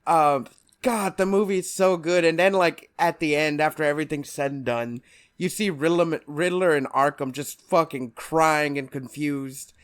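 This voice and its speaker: A man talks casually as a podcast co-host in a somewhat high voice. He recaps scenes with animated energy and laughs often between lines. He swears freely as he goes. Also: moderate pace. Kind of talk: casual chat.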